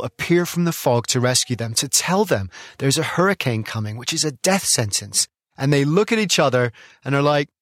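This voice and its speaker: A male host narrates with excitement and lively expression, reacting to the story he has just heard. The recording is dry and close, with no room sound. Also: mid-range voice, no room sound. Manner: enthusiastic, expressive retelling. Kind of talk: documentary narration with commentary.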